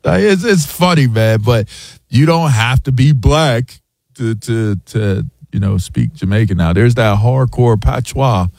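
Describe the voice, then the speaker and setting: A man's voice: on the low side, unhurried, no room sound, studio quality. A man co-hosting a sports radio show, chatting casually and often laughing. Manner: animated storyteller, laughs often, mimics voices. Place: radio studio.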